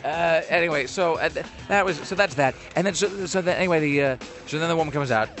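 A man's voice: fairly high pitch, fast, fairly bright tone, faint music behind. A man casually telling a long story on a podcast, rambling with lots of fillers and restarts.

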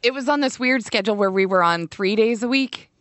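A woman's voice: a little high, a little fast, a bit bright, no room sound. A woman from Oregon guesting on a radio show, answering in short, dry, teasing replies. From Gresham, Oregon. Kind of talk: casual radio chat. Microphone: studio microphone.

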